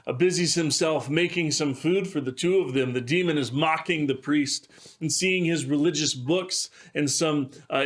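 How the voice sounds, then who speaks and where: Pastor guy telling a devotional story, measured, a few uhs, voice a little high. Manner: measured storyteller with occasional fillers.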